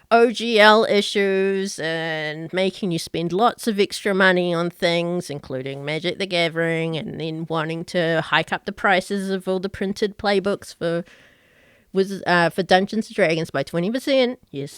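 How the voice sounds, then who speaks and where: A woman game master hosting her stream over an online call, bubbly and playfully bossy, quick to laugh. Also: lowish voice, a bit bright, clean tone, no room sound, clean studio sound. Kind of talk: casual stream chat, introducing players.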